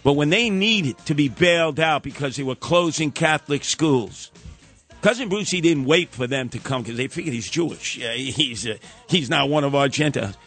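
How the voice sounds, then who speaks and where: A man's voice: lively intonation, moderate pace, fairly bright tone. A man tells a radio story in a big theatrical way. His voice swoops up and down as he takes on the people in the tale. A faint music bed plays under him. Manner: bombastic, theatrical, acts out quoted voices with big pitch jumps. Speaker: radio talk show host.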